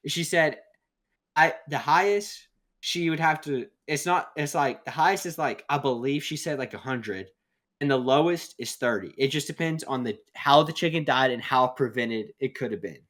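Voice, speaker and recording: A man's voice: mid-range voice, moderate pace, fairly bright tone. A young man co-hosting a casual podcast chat, telling stories in a rambling way, swearing freely and laughing at his own tales. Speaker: podcast co-host.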